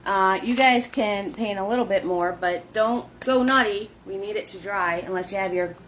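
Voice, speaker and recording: A woman leading a live painting lesson, chatty and warm with viewers, greeting them by name in sing-song hellos. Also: mid-range voice, moderate pace, a little hiss or hum. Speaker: painting instructor.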